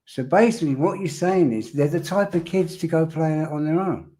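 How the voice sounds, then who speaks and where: A man's voice: fairly high pitch, brisk, dark tone. A man hosting a podcast, analyzing a recorded statement, repeating phrases and quizzing his co-host emphatically.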